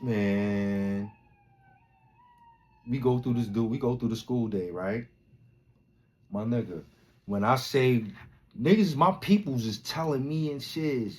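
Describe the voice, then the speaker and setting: A man from Brooklyn, hosting a podcast and telling a story in a casual, slang-heavy way, acting out loud quotes as he goes. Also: medium pitch, slow, long pauses. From Brooklyn, New York. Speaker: podcast host.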